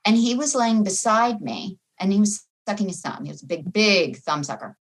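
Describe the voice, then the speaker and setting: A woman's voice: medium pitch, animated, normal speed. A middle-aged woman recounting a painful loss as a podcast guest, speaking in an emotional, reflective way. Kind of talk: personal testimony in a podcast interview.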